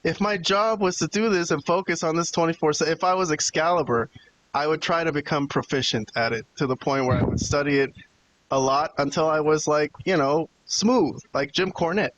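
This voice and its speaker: A man hosts a wrestling podcast, rambling casually and swearing as he vents to his co-hosts. His voice is a little high and fairly bright, at a moderate pace, on a low-quality recording.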